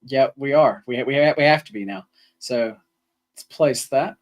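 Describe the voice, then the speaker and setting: A man's voice: mid-range voice, measured pace. Laid-back man rambling about bets. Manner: casual, rambling, many ums and restarts. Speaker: co-host. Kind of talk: sports betting podcast chat.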